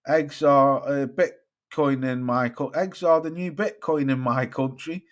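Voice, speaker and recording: A man's voice: medium pitch, steady tone, unhurried. Blunt sweary British man ranting. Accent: British English. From United Kingdom. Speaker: boxing live-stream host. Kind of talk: casual live-stream chat reading comments.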